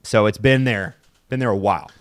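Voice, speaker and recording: A man's voice: lowish voice, brisk, no echo, clean studio sound. A man hosting a podcast in a casual chat, often reading aloud from an article. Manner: reads aloud from an article, chatty. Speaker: podcast host.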